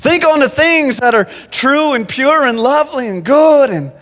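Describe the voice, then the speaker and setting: A man preaching an animated sermon from the pulpit, often restarting his phrases. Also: very high-pitched, moderate pace. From Phoenix. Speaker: pastor. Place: church sanctuary. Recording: long church-hall reverb.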